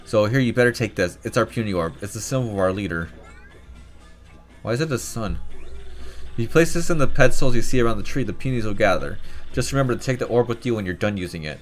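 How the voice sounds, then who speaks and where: A man voices a cranky old tribal elder woman from a video game. She barks orders and lectures the young with no patience at all. Quiet game music hums behind her. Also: lowish voice, expressive, fast talker, natural voice. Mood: lecturing. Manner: barking, scolding, impatient.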